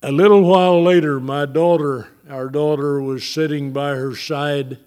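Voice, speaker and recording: Older man preaching slowly, somewhat high. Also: fairly even intonation, a little mellow. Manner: slow, halting, reading from notes; rises into fervent preaching on scripture. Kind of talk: sermon testimony.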